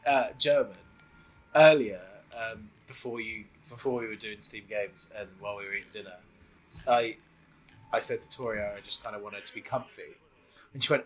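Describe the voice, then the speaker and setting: A man's voice: fairly low pitch, normal speed, a bit bright, poor audio. Playful young man chatting over gameplay. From Southwest England. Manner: playful, sings and laughs along. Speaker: gaming co-host. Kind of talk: casual let's-play chat.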